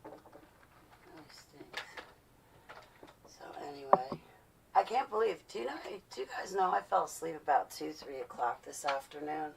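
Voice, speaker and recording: A woman chatting casually with her viewers on a livestream from home, rambling into animated stories. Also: deep voice, brisk, gravelly, recorded from a distance, very noisy.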